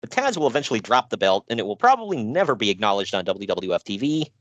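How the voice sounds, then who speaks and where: A man co-hosting a podcast in casual chat, animated, laughing and sighing between points. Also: lowish voice, fast, no room sound. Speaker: podcast co-host.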